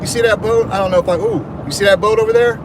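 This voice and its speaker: A man's voice: high-pitched, quick pace. A man vlogging casually from his car as he drives to work, chatting and joking as his thoughts wander. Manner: chatty, jokey, wandering talk. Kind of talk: casual rambling car vlog. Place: car on a highway. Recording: car road noise behind voice.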